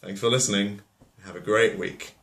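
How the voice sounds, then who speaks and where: A man's voice: on the low side, fairly even intonation, a little fast, gravelly, fairly bright tone. A man telling a fairy tale as a comedy, rambling with offhand asides. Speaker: storyteller. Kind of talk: comic storytelling. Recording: roomy echo.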